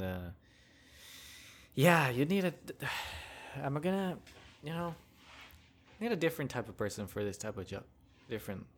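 A young man hosting a casual solo rant, rambling and joking with frequent chuckles. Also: lowish voice. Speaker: podcast host.

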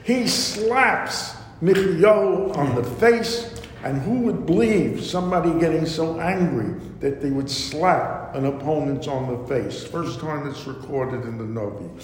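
A man teaching a scripture class, slowly reading Hebrew verses aloud and then explaining them in English. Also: expressive. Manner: slow, deliberate explaining, reads Hebrew verse then translates. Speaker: Torah teacher. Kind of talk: lecture on scripture. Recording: echoey hall with faint rumble.

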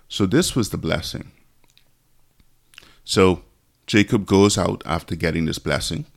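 Male Bible teacher, very low voice with some fry, conversational, reads verses aloud. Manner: conversational, thinking aloud with asides.

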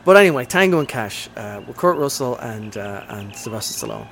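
A man's voice: on the low side, big pitch swings, brisk, vocal fry, a bit bright, a little hiss or hum. Rambling, enthusiastic man chatting about movies. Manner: enthusiastic, rambling with many fillers. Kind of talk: casual movie chat.

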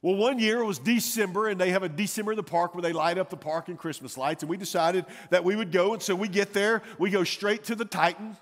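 Man, pastor, sermon, high voice, animated storytelling, long church reverb. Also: fast talker, hardly any pauses. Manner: storytelling, animated, dropping to hushed intensity. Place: church sanctuary.

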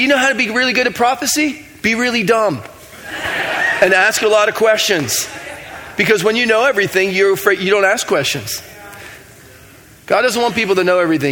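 A man's voice: high-pitched, sharp tone. A man preaching a sermon in a casual, self-mocking, conversational way, acting out bits of dialogue as he tells stories. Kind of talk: sermon with storytelling.

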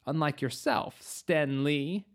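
A narrator voicing a guarded young female witch who speaks softly and pointedly. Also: low-pitched, slow.

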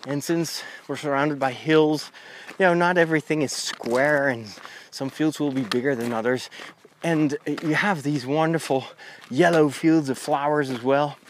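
A man's voice: on the high side, measured pace, slight background noise. A man, a Catholic priest talking through his journey in a rambling, conversational podcast monologue while walking a country path outdoors, recorded on a lavalier mic on his phone. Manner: rambling, conversational, with frequent restarts.

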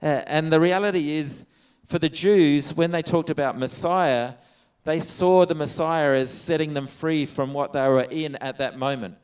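Smooth-voiced man preaching. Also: on the high side, steady tone, normal speed, few pauses, a little mellow. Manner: conversational preaching, reading scripture aloud. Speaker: pastor. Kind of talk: sermon.

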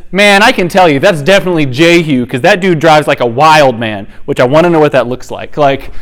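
Chatty man retelling Bible stories with humor. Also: fairly high pitch. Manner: humorous, chatty, acts out the characters' lines. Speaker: podcast host teaching the Bible.

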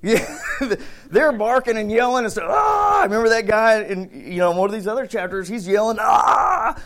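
A man preaching a casual, conversational sermon, acting out bits of the story with shouts and voices. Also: sits high, steady tone, a little fast. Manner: conversational, thinks aloud with restarts. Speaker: pastor.

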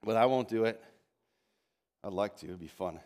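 A man preaching a sermon as lead pastor in a church, animated and full of restarts and asides, lifting his voice when reading scripture aloud. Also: on the low side, normal speed. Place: church sanctuary.

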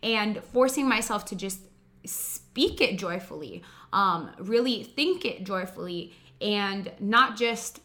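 A woman's voice: mid-range voice, expressive, slow pace, bright, forceful tone. A young woman co-hosting a live chat, talking casually with many fillers and easy laughs. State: recovering from a cold. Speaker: co-host.

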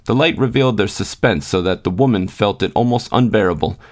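A man narrating a classic short story for a podcast in a steady, measured reading. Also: lowish voice. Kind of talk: scripted narration.

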